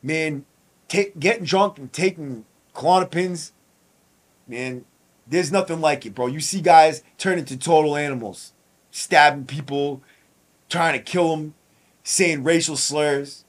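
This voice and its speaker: A man hosting a podcast, telling his prison stories in a casual, profane, animated way and acting out other people's lines. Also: a little high, measured pace. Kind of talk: casual storytelling monologue.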